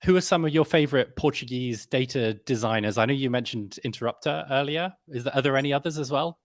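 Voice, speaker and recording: A male host introduces speakers in a friendly, upbeat way and pokes fun at himself. His voice is mid-pitched and sounds dry and close. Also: fast, dry recording. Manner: friendly, upbeat, self-deprecating jokes. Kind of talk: casual live-stream hosting.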